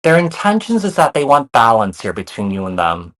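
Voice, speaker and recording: With huge swings around a medium pitch, a slightly fast pace and a fairly bright tone, a man reads tarot casually for his audience. He's reassuring, often repeats himself, and peppers his speech with "you know" and "kinda."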